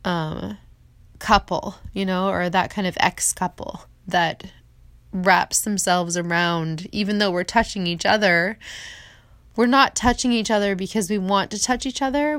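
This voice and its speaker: A woman's voice: mid-range voice, unhurried, a bit bright, dry recording. Emotional woman in her forties rambling. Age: 40s. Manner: emotional, rambling, tearful at times. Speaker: podcast host. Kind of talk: off-the-cuff personal monologue. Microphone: phone held in hand.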